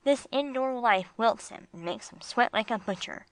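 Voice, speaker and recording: A woman voicing Gringo, a gruff streetwise bulldog. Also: fairly high pitch, moderate pace, natural voice. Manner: gruff slangy street talk. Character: tough streetwise male bulldog, gruff and blunt. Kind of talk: audiobook character voice.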